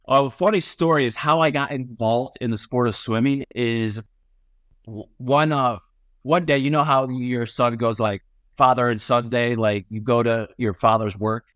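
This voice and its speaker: A man from upstate New York, a podcast guest, telling stories in a relaxed way with lots of ums and likes. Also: mid-range voice, a little slow, dry recording, clean studio sound. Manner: laid-back, many ums and likes. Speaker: podcast guest, former Olympic swimmer. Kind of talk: casual storytelling chat.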